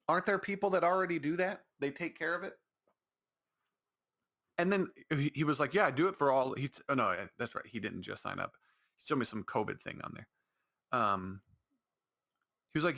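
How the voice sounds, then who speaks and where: A man's voice: mid-range voice, fairly quick, vocal fry, pauses often, a bit bright. A man hosting his own podcast, talking alone in a rambling, exasperated way with lots of restarts. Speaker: podcast host. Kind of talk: solo casual podcast monologue.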